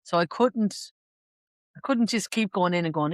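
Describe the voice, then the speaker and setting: A woman's voice: lowish voice, normal speed, dry recording. A woman with an Irish accent co-hosting a podcast, talking freely and joking often. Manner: chatty, laughs a lot, jokey. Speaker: podcast co-host. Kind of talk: casual chat.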